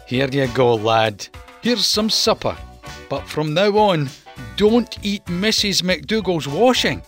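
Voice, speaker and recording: A storyteller voicing a good-humoured farmer who calls out loudly and stammers in surprise. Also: mid-range voice, lively intonation, takes it slowly, soft background music, voice pushed up. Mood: amused. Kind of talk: storybook reading.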